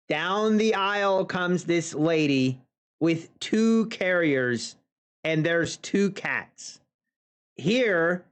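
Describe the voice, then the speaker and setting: Slow-talking chatty man. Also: sits high. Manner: chatty, folksy asides to viewers. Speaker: futures trader streaming live. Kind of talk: casual anecdote on a livestream.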